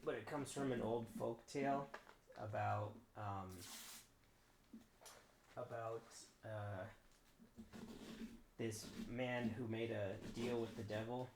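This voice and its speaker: A man's voice: medium pitch, fairly even intonation, slow pace, long pauses. A man streaming himself carving a pumpkin, chatting casually and rambling with fillers. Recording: roomy with clear background noise.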